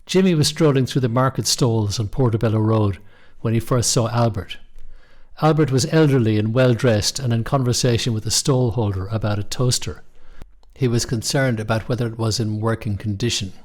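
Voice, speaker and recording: A man reading his own short story aloud, in measured scripted narration. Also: medium pitch, darkish tone. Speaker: storyteller and author.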